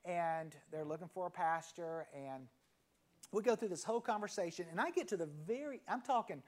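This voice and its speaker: Pastor in his fifties, hushed dramatic endings. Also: high-pitched. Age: 50s. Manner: conversational, with dramatic pauses and phrase endings dropped to a hushed near-whisper. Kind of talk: sermon with storytelling.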